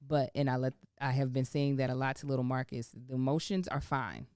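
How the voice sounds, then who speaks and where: A woman's voice: extremely low pitch, fairly even intonation, a little fast, dark tone, clear, resonant tone, no echo, clean studio sound. A woman in her thirties co-hosting a podcast, talking candidly and reflectively about parenting with frequent laughs. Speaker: podcast co-host. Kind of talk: casual chat.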